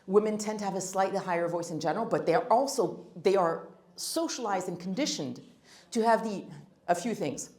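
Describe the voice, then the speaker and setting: A woman's voice: mid-range voice, animated, brisk, darkish tone. A woman giving a live workshop talk, blunt and emphatic with wry humor. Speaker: workshop speaker. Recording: roomy hall.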